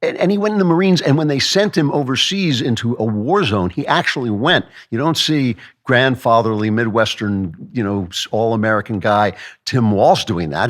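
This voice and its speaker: A man's voice: medium pitch, fairly bright tone. A male host delivering a sarcastic, emphatic political opinion monologue with mocking asides.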